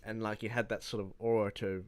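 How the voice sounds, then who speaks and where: A man's voice: lowish voice, flat delivery, fairly quick, darkish tone. A man of about twenty with an Australian accent, telling a rambling, profane gaming story in a casual vlog. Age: around 20. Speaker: gaming YouTuber.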